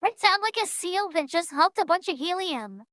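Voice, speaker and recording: High, bright-voiced joking woman streamer. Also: animated, normal speed, no echo. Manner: joking, self-mocking, trailing asides. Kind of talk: casual game streaming commentary.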